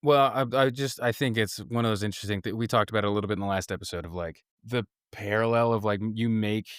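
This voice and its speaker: Fast-talking low-voiced man, joking podcast banter. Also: fairly even intonation, clear, resonant tone, no echo, studio quality. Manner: jokey, acts out characters' lines in quick bursts. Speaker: book podcast co-host. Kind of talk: casual chat.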